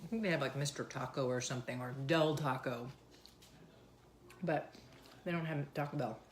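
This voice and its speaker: A woman in her thirties with a low voice, rambling casually to her viewers. She talks in a loose, chatty way. The recording has a roomy echo. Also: moderate pace, a little hiss or hum. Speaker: vlogger. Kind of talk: casual chat.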